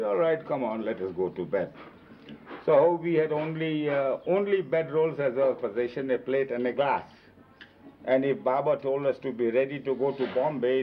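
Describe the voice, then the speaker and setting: An older man tells lively anecdotes about life with his spiritual master. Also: mid-range voice. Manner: lively anecdotal, animated emphasis. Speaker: disciple telling stories of his master. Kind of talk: storytelling reminiscence. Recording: dull lo-fi 1970s videotape.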